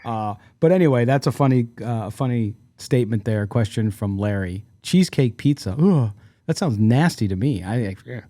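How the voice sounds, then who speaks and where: A man co-hosting a sports podcast, talking casually and jokily with quick asides and restarts. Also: medium pitch, expressive, mellow, no room sound, studio quality. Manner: rambling, jokey, quick asides. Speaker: podcast co-host.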